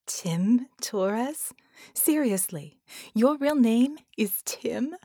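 A woman's voice: a little high, lively intonation, very slow, mellow, no echo, studio quality, voice pushed up, full character voice. A woman reading an audiobook, voicing a teasing young woman who sounds incredulous.

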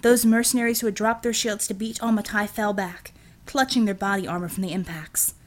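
A woman giving a steady, measured scripted audiobook narration. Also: mid-range voice.

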